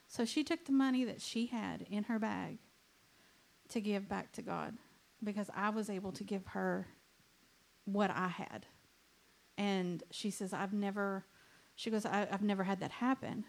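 A woman shares a testimony before a church congregation, speaking earnestly and plainly. Her voice sits at a middle pitch and carries a gravelly, fry-tinged texture. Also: steady tone, a little slow. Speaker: church member giving testimony. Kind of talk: testimony story.

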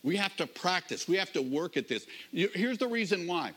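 A middle-aged man, a pastor, preaching a sermon in a conversational storytelling manner, slowing down to stress key phrases. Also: sits high, sing-song, a bit bright, breathy edge.

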